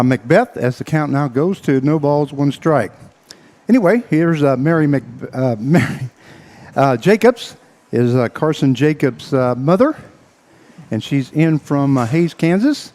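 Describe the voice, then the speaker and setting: A man calling a local baseball game as play-by-play announcer, out of breath and talking in halting bursts full of uhs. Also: fairly high pitch, lively intonation, a little mellow. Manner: halting, filler-heavy play-by-play with frequent uhs. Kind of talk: baseball radio commentary.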